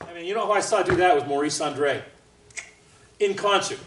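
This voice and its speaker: A man, a trumpet soloist, teaching a master class in an animated, chatty way and laughing often. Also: high voice, brisk, loud music behind the voice. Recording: roomy hall from far off, faint noise.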